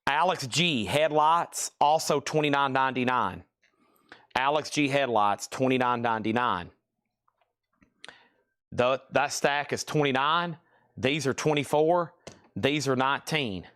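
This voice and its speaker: Brisk man calling out record prices. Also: medium pitch, a bit bright, clean tone, dry recording, clean studio sound. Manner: brisk, rattling off prices and buyer names. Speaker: live sale host. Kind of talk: live sales patter.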